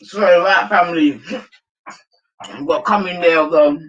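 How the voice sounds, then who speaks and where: Man, London accent, livestream host, slangy and animated, slightly high voice. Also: measured pace, lo-fi sound. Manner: animated, slangy, addresses viewers as family. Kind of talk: casual commentary.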